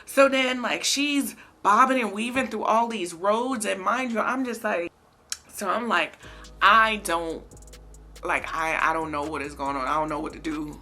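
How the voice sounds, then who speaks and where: A young woman vlogger telling a casual storytime, animated and slangy, talking straight to her viewers. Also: mid-range voice, measured pace, faint music behind. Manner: animated, slangy, addresses viewers as baby and girl.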